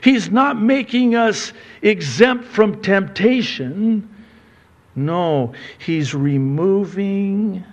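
A male pastor with a fairly high voice preaches at an unhurried pace. He talks casually, dropping low and quiet, then rising to loud, pressing questions. The recording sounds a little dull and lo-fi. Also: expressive. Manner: conversational, swinging from soft and low to loud and emphatic. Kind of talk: sermon.

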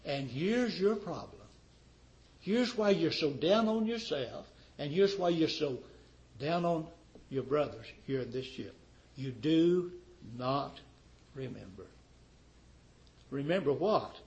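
A man preaching a sermon with fervor, firing rhetorical questions at his congregation and swinging from loud declarations to quiet, dropped endings. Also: on the high side, expressive, slow, pauses often, poor audio. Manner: fervent, rhetorical questions, wide swings in loudness.

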